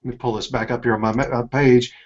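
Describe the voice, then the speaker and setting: A man's voice: mid-range voice, flat delivery, quick pace. Man hosting an online interview, muffled. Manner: conversational, reads viewer questions aloud. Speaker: interview host, entertainment editor. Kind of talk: casual interview questions. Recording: muffled lo-fi audio.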